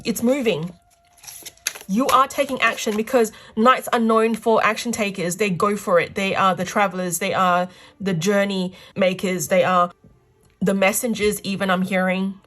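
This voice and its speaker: A woman's voice: medium pitch, a bit bright. A woman giving a pick-a-card tarot reading, gushing and effusive, tearful with emotion as she talks to her viewers. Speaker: tarot reader.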